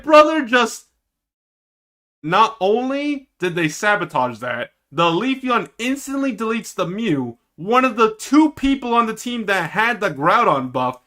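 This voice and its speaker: A male streamer reacting live to an esports match, ranting at the players in an animated, exasperated way. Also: high-pitched, normal speed, hardly any pauses.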